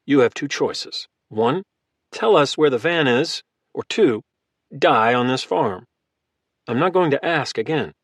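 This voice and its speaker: A man voicing a calm, calculating former Marine who talks in a friendly, easygoing way. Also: medium pitch, unhurried, dry recording, clean studio sound. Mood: hard. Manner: casual and friendly, turning hard.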